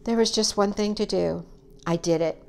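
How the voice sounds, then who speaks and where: A woman reading a children's story aloud, acting out the characters with high, excited cries. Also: normal speed, vocal fry.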